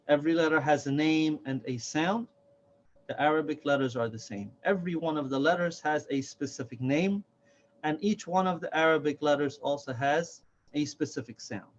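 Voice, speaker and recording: A man teaching a slow, careful alphabet lesson, patiently repeating each letter's name and sound. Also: on the high side. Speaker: Quran reading teacher. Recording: dull, lo-fi sound.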